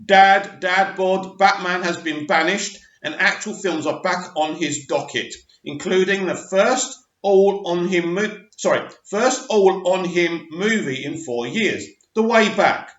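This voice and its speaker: A man's voice: high-pitched, unhurried, hardly any pauses, fairly bright tone, roomy sound, highs cut off. A man in his forties reading an article aloud and adding chatty asides, often stumbling and restarting. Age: 40s. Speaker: movie news vlogger.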